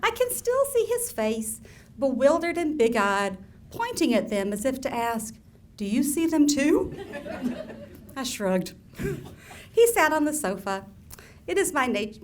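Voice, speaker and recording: A woman from Alabama, reading her own humorous essays aloud at a live book event in a wry, deadpan way with laughing asides. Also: fairly high pitch. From Alabama, US Southern. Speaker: author. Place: event room with audience.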